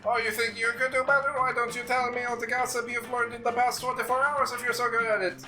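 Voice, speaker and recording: A man's voice: very high voice, level tone, fast, bright, forceful tone, soft background music, pitched above the performer's own voice, exaggerated voice. A man voicing a chatty, gossip-loving male camper in a theatrical, eager manner during a tabletop game. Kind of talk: playing a character in a tabletop game.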